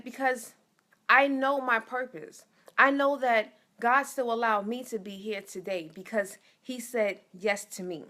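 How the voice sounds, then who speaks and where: A woman's voice: a little high, fairly bright tone. A young adult woman sharing a personal faith testimony as a motivational speaker, earnest and often repeating phrases and restarting. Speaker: motivational speaker and life coach.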